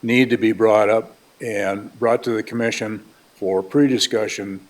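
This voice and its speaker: Low-voiced commissioner raising a concern. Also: male voice, steady tone, measured pace. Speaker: county commissioner. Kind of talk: public meeting remarks.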